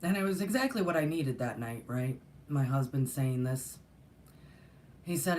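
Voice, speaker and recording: A woman's voice: extremely low pitch, animated, normal speed, a little mellow, slight background noise. A middle-aged woman telling a personal story in a rambling, earnest way, with many fillers and restarts. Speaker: spiritual teacher and channel host. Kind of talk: casual storytelling monologue.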